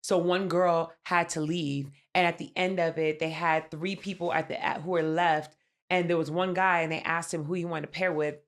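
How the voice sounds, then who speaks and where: A woman's voice: fairly low pitch, steady tone, moderate pace. A woman co-hosting a podcast, recapping a reality show in casual chat, candid and profane, telling the story with animation. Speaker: podcast co-host.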